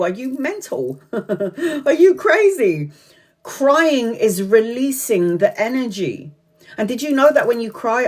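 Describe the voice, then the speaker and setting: A woman giving a live-streamed tarot reading, talking frankly, swearing freely, laughing often and drifting off on tangents. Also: on the high side. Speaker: tarot reader.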